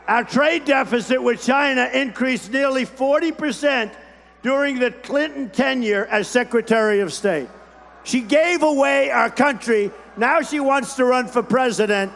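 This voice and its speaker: A man's voice: very high-pitched, measured pace, gravelly, slight background noise. A man in his seventies giving a campaign speech at a rally, in short, repetitive, boastful phrases. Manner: repetitive, punchy, boastful, shouting over a crowd. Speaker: political candidate at a rally. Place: large rally hall. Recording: long hall reverb from a big arena.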